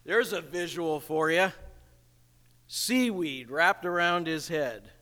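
A male pastor preaching a sermon in a church, slow and emphatic, asking rhetorical questions. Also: a little high, bright, forceful tone, long reverb tail.

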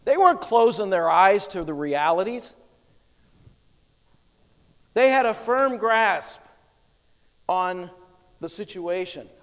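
A male pastor preaching a sermon with emphatic delivery, swinging between soft and loud. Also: sits high, big-room sound.

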